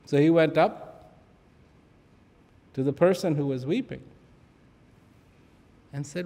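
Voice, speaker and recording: Slow, lively-pitched man in a reverberant hall. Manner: dramatic pauses and repeated phrases, dropping to a whisper. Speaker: spiritual speaker. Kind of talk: reflective public talk with storytelling. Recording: long reverb of a large hall.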